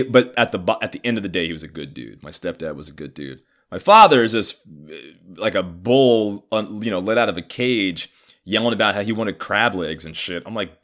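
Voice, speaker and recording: Man, 30s, lowish voice, lively pitch, profane casual storyteller. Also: a little fast. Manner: profane, animated, frequent fillers.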